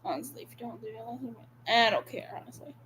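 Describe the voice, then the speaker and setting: A woman's voice: a little high, fairly quick, fairly bright tone, a little hiss or hum, poor audio. A young woman chatting as a friend on a reaction video, rambling and sleepy, trailing off. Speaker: co-host friend. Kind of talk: casual chat.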